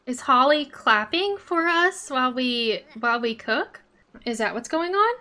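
A woman's voice: high voice, unhurried. Chatty young woman streaming a game. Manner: chatty, excitable, talks to the game characters. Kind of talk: casual gameplay commentary.

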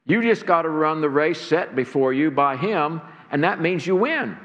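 A man's voice: on the high side, expressive, moderate pace, fairly bright tone, dull audio. A man preaching a sermon to a church congregation, earnest and stirring, often repeating words as he builds. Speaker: pastor. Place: church sanctuary. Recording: long hall reverb.

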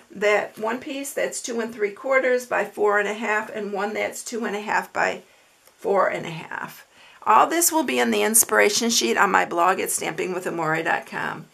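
A woman's voice: medium pitch, vocal fry, a bit bright. A woman hosting a papercraft tutorial, chatting casually, repeating herself and dropping fillers as she shows her work. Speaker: papercraft channel host.

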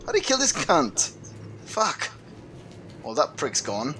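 A man's voice: fairly high pitch, huge pitch swings, slow pace, sharp tone. A man playing a horror game and commenting live, swearing constantly and yelping in panic. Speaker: let's play gamer.

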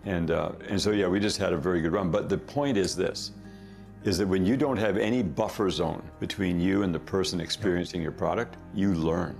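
A middle-aged man speaking as a guest founder, with a fairly low voice and a gravelly edge. He tells stories casually and animatedly, often laughing at himself. Faint music sits behind him. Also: a little fast, a little mellow. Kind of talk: casual anecdotal storytelling.

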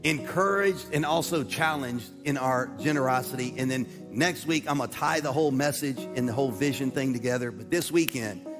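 A male pastor rousing his congregation in a big church, his voice ringing through a long reverb. Music plays clearly under his words. He speaks at an ordinary pitch with an upbeat, rallying drive. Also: fairly quick, few pauses. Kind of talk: sermon introduction. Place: large church auditorium. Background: music playing.

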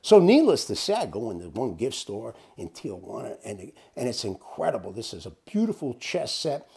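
A man telling a casual anecdote in an animated way, swearing freely. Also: normal speed, gravelly, breathy edge. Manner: animated, swears freely, wide swings in pitch. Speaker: storyteller.

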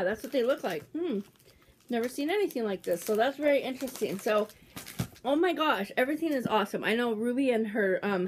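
A woman in her forties, opening a package on a casual vlog, talking excitedly with lots of fillers. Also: on the high side, slight background noise. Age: 40s. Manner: gushing, excitable, trails off with fillers. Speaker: YouTuber opening a mail package.

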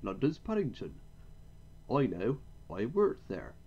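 Man doing a stubborn engine, high and snippy, keeps insisting. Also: wildly swooping pitch, takes it slowly, a little mellow, husky, muffled recording, full character voice. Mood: indignant. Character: stubborn, sharp-tongued male engine.

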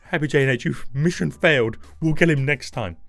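A man streaming a game live, excitable and often breaking into shouts. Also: a little high, fairly quick, gravelly, no room sound, soft background music.

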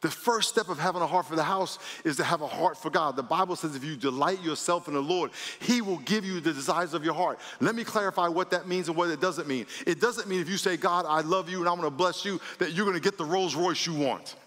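A pastor preaches with bright, forceful energy and a slightly raised pitch, repeating phrases and acting out quick bits of dialogue. His voice rings out through a large church hall with a long, lingering reverb. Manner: animated preaching with repetitions and acted-out dialogue. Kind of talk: sermon.

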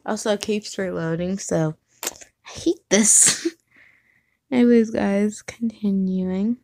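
A woman's voice: mid-range voice, takes it slowly, vocal fry, a little mellow, no room sound. A woman casually reading fan fiction aloud, giggling and stopping to correct herself. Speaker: reader.

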